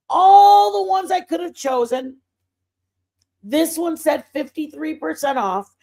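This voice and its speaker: Animated woman telling faith stories. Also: high-pitched. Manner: animated, breaking into excited outbursts. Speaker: livestream host. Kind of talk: casual faith storytelling.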